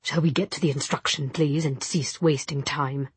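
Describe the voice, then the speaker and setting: A woman voicing a calm, methodical young man who speaks in a measured, courteous but sharp way. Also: sits low, breathy edge, no room sound, pitched below the performer's own voice. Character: calm, methodical older brother instructor.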